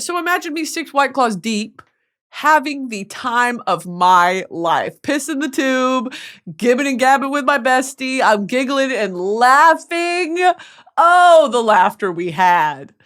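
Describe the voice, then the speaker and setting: A woman's voice: mid-range voice, fairly bright tone. A woman from Texas hosting a podcast, telling a story as a comedic monologue in a profane, self-mocking way. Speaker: podcast host.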